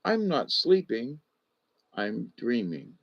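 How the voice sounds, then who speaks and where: A man putting on a high startled storybook lizard. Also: takes it slowly, gravelly, exaggerated voice. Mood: knowing. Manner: startled, then calm and knowing. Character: dreamy wise male lizard. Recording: dull lo-fi sound.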